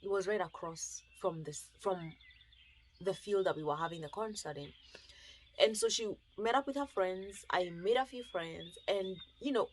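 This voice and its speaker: A woman with a Kenyan accent, telling an animated, emotional personal testimony and acting out the dialogue. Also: medium pitch, moderate pace, slight background noise. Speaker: storyteller.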